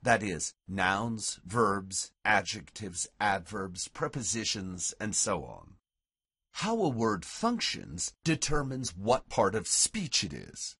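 Slow, husky-voiced man teaching Latin. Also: fairly low pitch, big pitch swings, pushed and bright, no echo, studio quality. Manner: slow, deliberate recitation of Latin verse. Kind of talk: recorded language lesson.

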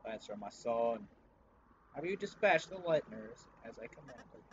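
A man reading the lines of a cold, menacing king who is a tyrant father, in a slow, commanding and haughty way, with game music behind. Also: mid-range voice, expressive, lo-fi sound, a little hiss or hum, lightly acted.

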